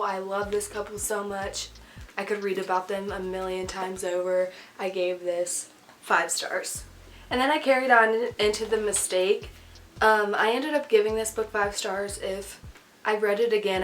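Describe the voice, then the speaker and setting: A woman's voice: medium pitch, a bit bright, a little hiss or hum. A woman chatting candidly as she reviews books she has read, with plenty of "um" and "like". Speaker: book vlogger. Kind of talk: casual book review chat.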